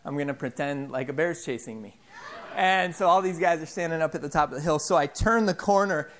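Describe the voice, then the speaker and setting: A man in his thirties giving an informal sermon, telling stories in a halting way with many fillers and restarts. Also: high-pitched. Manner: animated, self-deprecating storyteller. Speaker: preacher.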